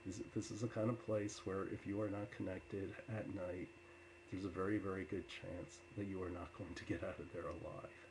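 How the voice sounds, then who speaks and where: A man telling personal stories to an audience with many filler uhs, turning loud and animated when he quotes himself. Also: deep voice, moderate pace, slight background noise, poor audio. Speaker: storyteller. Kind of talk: personal storytelling talk.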